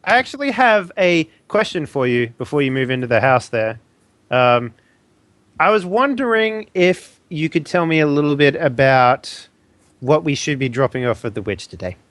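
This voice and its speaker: A man's voice: a little high, big pitch swings, normal speed, a bit bright, no echo. A man playing in a tabletop game, joking, laughing and swearing in character. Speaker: player.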